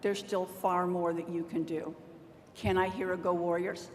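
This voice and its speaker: A woman's voice: lowish voice, level tone. A middle-aged woman, a university staff member, giving a motivational commencement address from a podium microphone and drawing cheers from the audience. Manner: deliberate, motivational, rallies the crowd for call-and-response cheers. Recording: roomy hall with long reverb, faint noise.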